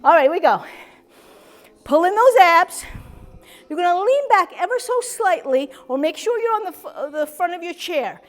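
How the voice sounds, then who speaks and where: Lively, encouraging woman fitness instructor. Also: very high-pitched, brisk, few pauses. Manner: upbeat and encouraging, with loud whoops. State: a little out of breath. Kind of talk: instructing a seated strength class.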